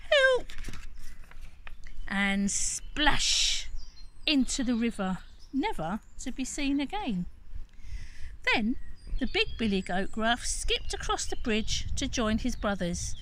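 Slow, gentle woman telling a children's story. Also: fairly high pitch, a little hiss or hum. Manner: gentle, expressive. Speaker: forest school teacher. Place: outdoors on a wooden bridge. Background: birdsong.

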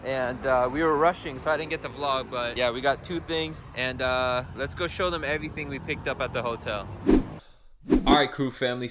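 An upbeat young man talks casually to his camera, hyped as he shows off his latest pickups. His voice sits in a middle pitch, relaxed and conversational. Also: background noise. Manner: upbeat, casual, hyped about sneakers and streetwear. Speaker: vlogger showing shopping pickups. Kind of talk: casual vlog talk to camera.

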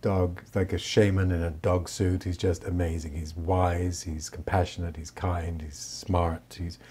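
A man's voice: sits low, level tone, unhurried, warm tone, husky. A man speaking as a therapist in an interview, reflective, often checking in with "right?". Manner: reflective, frequent "right?" tags. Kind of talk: interview answers.

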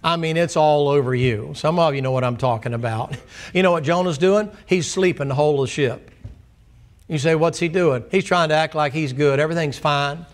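A pastor delivers a folksy, animated sermon in a notably high-pitched voice for a man. He tells the story with plenty of colorful turns. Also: brisk.

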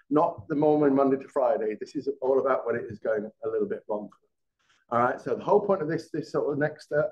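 A man's voice: medium pitch, muffled recording. A middle-aged man, a former police detective, giving a live classroom lecture, often restarting words and checking in with the class. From England.

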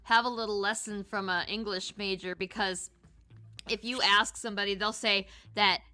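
Bright, breezy woman co-host. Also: mid-range voice, steady tone, moderate pace. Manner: breezy, swears casually. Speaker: co-host reading viewer questions. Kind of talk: casual chat.

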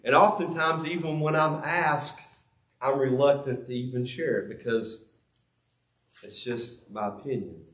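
In an echoey church sanctuary, a man preaches in a medium-pitched, somewhat bright voice, taking his time. He's earnest and confessional as pastor, driving home key words through emphatic repetition.

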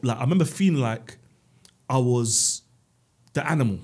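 A man on a podcast, telling funny stories in animated, casual chat. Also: mid-range voice, normal speed, husky. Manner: animated, comic storytelling. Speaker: podcast co-host.

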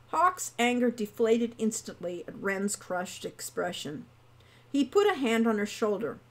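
A woman's voice: mid-range voice, measured pace. A woman reading her own novel aloud on a live stream, chatty and cozy between passages. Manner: chatty, cozy, lively storyteller. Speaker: co-author and game designer reading her novel.

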